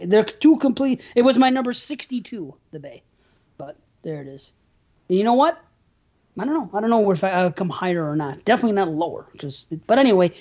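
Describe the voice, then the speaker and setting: A man's voice: high-pitched, darkish tone. A man co-hosting a casual podcast chat, rambling, swearing casually and laughing often. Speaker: podcast co-host. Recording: dull lo-fi sound.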